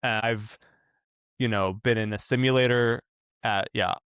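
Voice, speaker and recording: Smooth-voiced man co-hosting a podcast. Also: on the low side, fairly even intonation, measured pace, fairly bright tone, no room sound, clean studio sound. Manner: joking, rambling, laughs often. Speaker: podcast co-host. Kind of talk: casual chat.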